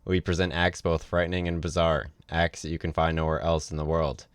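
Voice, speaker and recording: A man reading plays a tall, ancient ringmaster with a low, croaky voice. He addresses the crowd formally and with quiet menace. The voice sits very deep and sounds dry and close. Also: level tone, brisk, no echo. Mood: ominous. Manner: formal, warning showman's address. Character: tall ancient male circus ringmaster, grave and ominous.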